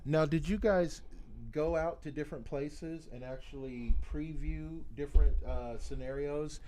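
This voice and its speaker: A man's voice: fairly high pitch, a little slow, dark tone. A man hosting a radio show, chatting in a loose, rambling way with restarts and fillers. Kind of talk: casual interview chat.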